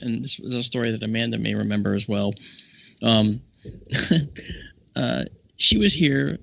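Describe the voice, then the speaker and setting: A man on a casual podcast, telling a lively anecdote and acting out the people he quotes with big jumps in his voice. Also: gravelly, no room sound. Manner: animated storyteller, acts out quoted voices with big pitch jumps. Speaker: podcast co-host. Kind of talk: casual storytelling chat. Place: home office.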